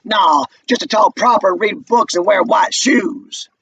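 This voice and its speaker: A man voicing a bitter, explosive young husband who rants loudly and scornfully in a play read aloud. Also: sits high, lively intonation, a little slow, vocal fry, breathy edge, exaggerated voice, low-quality recording. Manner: loud, scornful and ranting.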